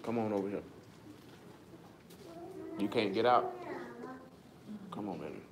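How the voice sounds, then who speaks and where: A man's voice: fairly low pitch, animated, unhurried, a crowd in the background. A man teaching a Bible study to a small group, coaxing listeners to read before turning emphatic and preachy. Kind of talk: scripture lesson to a small group.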